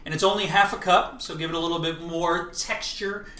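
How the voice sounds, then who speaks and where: A man's voice: fairly high pitch, fairly even intonation, a little fast, noisy background. A man hosting a live cooking show from his home kitchen, chatting and joking while he explains each step. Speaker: host. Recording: echoey kitchen, mic at a distance.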